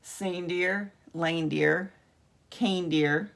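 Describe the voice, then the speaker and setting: A woman teacher giving a patient home video lesson on phonics, sounding out letters and words slowly from her room. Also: fairly low pitch, steady tone, creaky.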